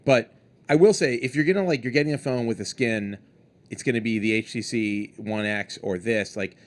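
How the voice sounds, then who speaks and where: Rambling, animated male podcast co-host. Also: medium pitch, normal speed. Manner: rambling, animated, mimics presenters for laughs. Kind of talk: casual tech podcast chat.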